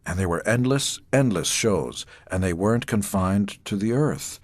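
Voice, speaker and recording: A middle-aged man from Israel reads his own memoir aloud, in measured, dry storytelling with deadpan asides. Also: lowish voice, no room sound. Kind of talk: memoir audiobook narration.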